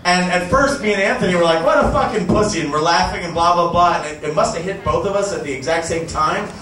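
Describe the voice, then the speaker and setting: A man doing stand-up, telling a profane story with animated shouted quotes in a comedy club. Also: sits high, fast talker. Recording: echoey club audio from far off.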